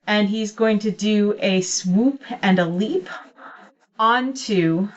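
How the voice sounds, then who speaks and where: A woman's voice: medium pitch, slow, dull audio. A woman running a tabletop game as game master, narrating with easy fillers and frequent giggles. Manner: relaxed, giggly, hesitant fillers.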